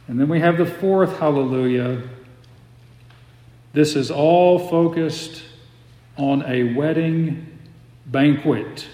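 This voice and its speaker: Pastor, male, slow deliberate emphatic sermon delivery, slightly high voice, roomy sanctuary echo. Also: darkish tone. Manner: measured, emphatic preaching with slowed stressed phrases. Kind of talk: expository sermon.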